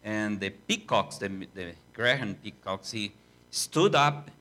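An older man preaches in English with a strong Portuguese accent, his first language being Portuguese. He talks very slowly in a bright, forceful voice. His delivery is halting and self-deprecating as he hunts for words. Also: on the low side, expressive. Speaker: visiting missionary preacher. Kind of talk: sermon in a church.

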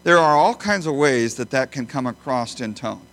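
A man preaching a sermon as a pastor, emphatic, swinging between loud high bursts and quiet low phrases. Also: lively intonation, normal speed. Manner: emphatic, with big swings in pitch and loudness.

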